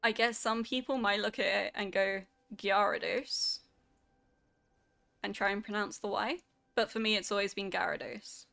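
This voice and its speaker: A woman's voice: medium pitch, steady tone, fairly quick, vocal fry, sharp tone. A woman streamer chatting casually with her viewers while she plays a game, reacting animatedly to their comments. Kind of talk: casual gameplay chat with chat.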